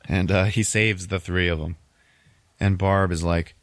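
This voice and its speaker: A man's voice: low voice, a little slow, pauses often, smooth, no echo. A man hosting a podcast, casually retelling a movie plot and laughing often as he quotes the characters. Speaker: podcast host.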